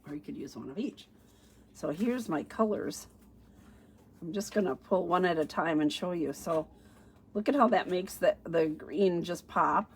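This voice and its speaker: A woman's voice: fairly low pitch, measured pace, slightly rough. A middle-aged woman demonstrating paper crafts on a casual livestream, chatty and thinking aloud, with fillers and a touch of allergy sniffles. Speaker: stamping demonstrator.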